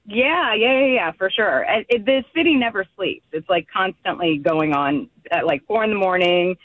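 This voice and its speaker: A woman's voice: mid-range voice, expressive, normal speed, dry recording. A woman from Egypt joins the show by phone, her voice thin and tinny. She talks in a hesitant, filler-heavy way and giggles often. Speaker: guest. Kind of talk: casual radio chat.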